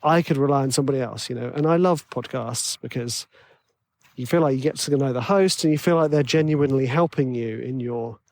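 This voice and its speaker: A man with a tenor voice, hosting his own podcast in a rambling, excitable, self-deprecating chat. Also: medium pitch, brisk, dry recording. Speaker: podcast host and composition coach. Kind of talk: casual solo podcast monologue.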